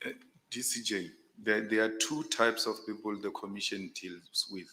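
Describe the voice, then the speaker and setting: A man's voice: on the low side, steady tone, moderate pace, pushed and bright, in a large hall. A South African man questioning a candidate on a formal panel, emphatic and insistent. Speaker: panel commissioner.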